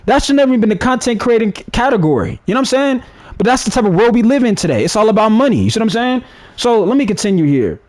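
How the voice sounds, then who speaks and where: A man's voice: high voice, sing-song, quick pace, dry recording. A man ranting in casual commentary to his viewers, heated and slangy, restarting his sentences often. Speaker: gaming commentary streamer.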